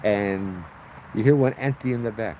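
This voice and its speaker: A man's voice: moderate pace, slight background noise, low-quality recording. Man with a Hawaiian Pidgin accent telling stories. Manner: animated, acts out voices in high pitch. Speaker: host telling ghost stories. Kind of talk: casual storytelling livestream.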